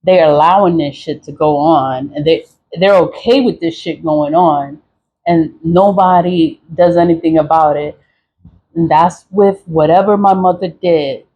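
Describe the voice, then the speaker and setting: Profane ranting woman with a husky voice. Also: deep voice, steady tone, lo-fi sound. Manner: angry, profane, repetitive venting; quick laughs between lines. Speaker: vlogger. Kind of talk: casual ranting monologue.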